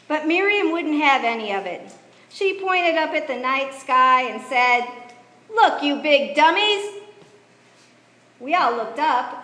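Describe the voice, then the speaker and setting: A woman narrating a church pageant in a lively, folksy storytelling manner. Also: sits high. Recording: echoey church hall, reverb.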